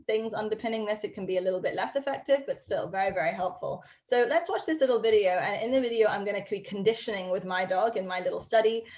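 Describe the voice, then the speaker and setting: A woman's voice: medium pitch, fast, few pauses, a little mellow. Upbeat chatty woman dog trainer. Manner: upbeat, chatty, frequent ums. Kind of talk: live online training class. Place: home study. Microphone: video call.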